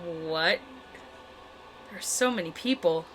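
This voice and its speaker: A woman gaming YouTuber giving excitable, giggly let's play commentary and gushing over the story as she plays. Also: fairly high pitch, normal speed, faint music behind.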